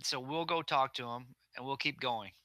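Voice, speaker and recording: A man's voice: mid-range voice, moderate pace, pushed and bright, no room sound. A man playing in an online tabletop game, casually talking through his character's actions. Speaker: player. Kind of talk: casual tabletop role-play.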